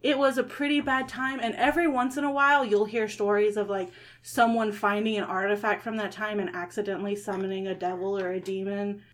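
A woman's voice: medium pitch, flat delivery, brisk, few pauses. A woman narrating as game master of a tabletop game, rambling with lots of fillers.

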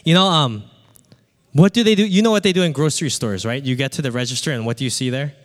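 A man's voice: mid-range voice, quick pace. A man preaching a sermon, telling a childhood story with acted-out voices and often asking the crowd "right?". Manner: animated, acts out voices, asks the crowd "right?". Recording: echoey hall.

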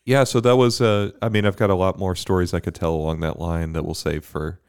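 A man, a priest co-hosting a podcast, talking in a relaxed, thoughtful way with frequent fillers and easy laughs. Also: low voice, a little fast, clean tone. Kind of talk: casual faith podcast chat.

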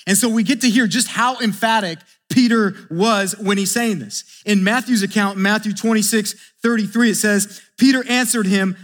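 A man, a pastor, preaching a sermon, animated as he acts out scripture dialogue and drops into quiet asides. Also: high-pitched, moderate pace, big-room sound.

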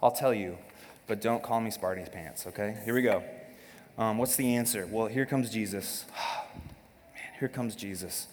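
Pastor, man, 30s, lively joking sermon delivery in a church hall with long reverb. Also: lowish voice, measured pace, long pauses, slight background noise. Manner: animated, joking, acts out quotes.

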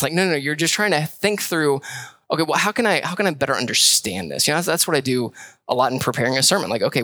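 A man's voice: mid-range voice, bright, forceful tone, no echo. A young man, preaching a sermon in a conversational style, repeating phrases for emphasis. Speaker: pastor.

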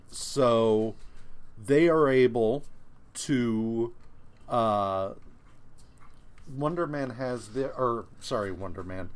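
A man's voice: mid-range voice, smooth. A man co-hosting a podcast, recapping comic books in casual chat, rambling with lots of fillers, restarts and swearing. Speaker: podcast co-host.

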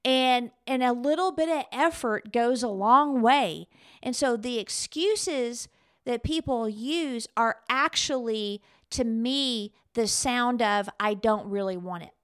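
A woman co-hosting a podcast, retelling a story in an animated, emphatic way. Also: fairly high pitch, slow pace, clean tone. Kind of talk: casual conversation, storytelling.

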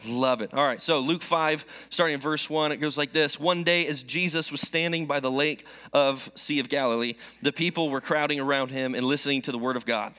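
A man in his thirties preaching a sermon, telling a personal story in an animated, joking way. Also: fairly high pitch, a little fast, few pauses, clean tone. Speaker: pastor.

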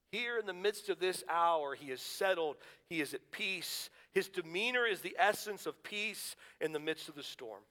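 A man's voice: fairly high pitch, fairly bright tone, in a large hall. A man preaching a sermon, earnest and rhetorical, stacking questions and building to emphatic declarations.

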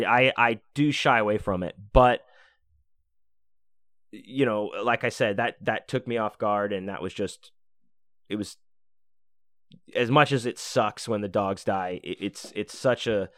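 A man's voice: lowish voice, measured pace, pauses often, fairly bright tone, clear, resonant tone, no echo, studio quality. A man hosting a podcast, telling a heartfelt story in a rambling, casual way, with many fillers, restarts and casual swearing. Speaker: podcast host.

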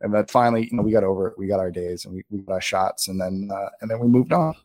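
A lower-pitched man chats through behind-the-scenes stories in an animated, rambling way, leaning on filler words. The sound is dry and close. He talks casually as an interview guest. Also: quick pace, no room sound. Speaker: filmmaker guest.

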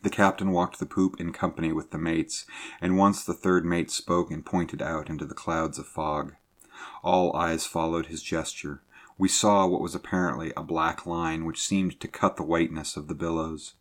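A man reading a sea adventure story aloud in a measured, low-key narrating manner. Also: fairly even intonation.

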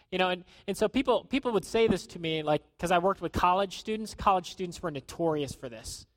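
High-voiced man preaching a sermon. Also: fairly quick, few pauses, dry recording. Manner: conversational preaching with acted quotes, drops to a hushed tone. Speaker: pastor.

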